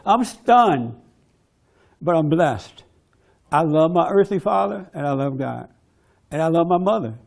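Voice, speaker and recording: A man giving a forceful, preachy testimony talk at a men's conference. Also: fairly high pitch, animated, a little slow, creaky, pauses often. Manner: preachy, forceful, mimics others in quoted bits.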